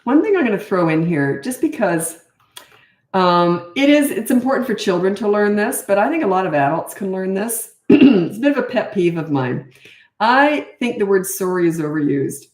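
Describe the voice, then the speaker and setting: A middle-aged woman coach talking through parenting questions in a chatty, lively way. Her voice sits at an ordinary middle pitch, and the room around her gives it a noticeable echo. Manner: chatty and animated, quick asides, reads questions aloud. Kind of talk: casual Q&A talk. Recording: roomy echo.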